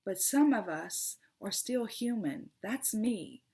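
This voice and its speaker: A woman's voice: medium pitch, lively intonation, takes it slowly, warm tone. A middle-aged woman, hosting a casual vlog monologue, earnest and passionate, often stumbling and repeating her words. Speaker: tarot channel host.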